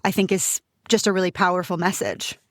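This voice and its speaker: A woman's voice: lowish voice, animated, fairly quick, no room sound, studio quality. A woman co-hosting a podcast, chatting eagerly about film music and often restarting her sentences. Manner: enthusiastic, rambling with many restarts. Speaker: podcast co-host. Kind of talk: casual podcast chat.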